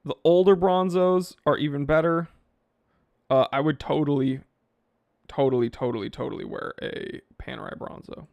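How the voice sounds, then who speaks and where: A man's voice: on the high side, fairly even intonation, moderate pace, no echo, muffled recording. A man hosting a live stream, casually reading viewer comments aloud and rambling offhand about them. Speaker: watch channel host reading live chat.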